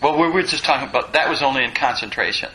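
Bright-voiced male meditation teacher. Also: mid-range voice, fast talker, low-quality recording. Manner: digressive, self-deprecating, plain-spoken. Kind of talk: dharma class talk.

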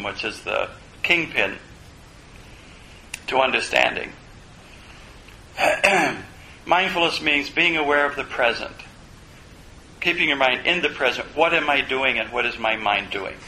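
Male Buddhist teacher, gravelly, bright tone, musing dharma talk. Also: mid-range voice, slight background noise, rough recording. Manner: reflective, asks himself questions aloud.

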